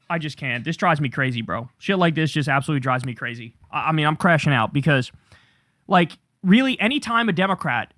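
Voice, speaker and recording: Angry, profane man ranting with a high voice. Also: sharp tone, no room sound, studio quality. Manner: reads quoted posts aloud then reacts. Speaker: political commentary host. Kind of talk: ranting political commentary.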